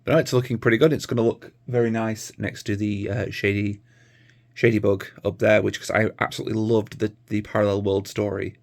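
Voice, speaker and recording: A man's voice: lowish voice, little pitch movement, brisk, gravelly. A tired man, chatting casually to camera in a rambling, easygoing vlog. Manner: rambling, easygoing, many fillers. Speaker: vlogger.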